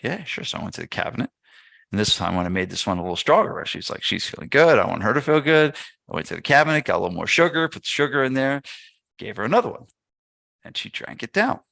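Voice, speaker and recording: A man's voice: lowish voice, vocal fry, dry recording. A man guesting on a podcast, telling a casual story and acting out what people said. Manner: animated anecdote teller, acts out quotes. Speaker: podcast guest, gym business owner.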